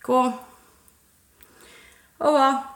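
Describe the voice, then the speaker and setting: A woman's voice: high voice, steady tone, drawn-out words, echoey room. A woman in her thirties hosting a paranormal livestream outdoors at night, chatting loosely with viewers and swearing freely. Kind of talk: casual livestream chat.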